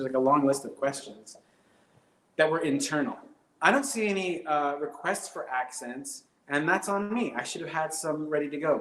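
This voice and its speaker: Hesitant rambling male comedian, slightly high voice, roomy echo, live-streamed stand-up.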